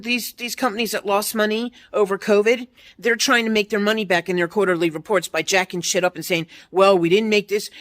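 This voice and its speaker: A woman in her fifties ranting bluntly and profanely to her viewers, mocking other people's replies in quoted voices. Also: mid-range voice. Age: 50s. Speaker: vlogger. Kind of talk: ranting monologue to camera.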